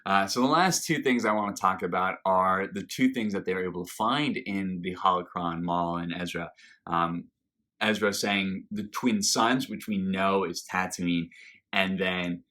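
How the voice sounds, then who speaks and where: A man's voice: low voice, a little slow, pushed and bright. A man hosting a reaction video, talking through an episode review in a casual, enthusiastic and rambling way. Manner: enthusiastic, rambling with fillers and restarts.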